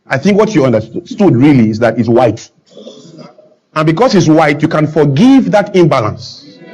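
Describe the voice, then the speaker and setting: A man from Nigeria, a talk show guest in front of a studio audience, arguing with rising passion and sometimes nearly shouting. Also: on the high side, big pitch swings, moderate pace, poor audio. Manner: builds to emphatic near-shouting, acts out broken English. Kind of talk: impassioned talk show argument.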